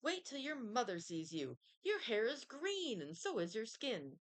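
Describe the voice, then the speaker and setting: Woman voicing bossy little schoolgirl, high and exclaiming, storybook. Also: wildly swooping pitch, measured pace.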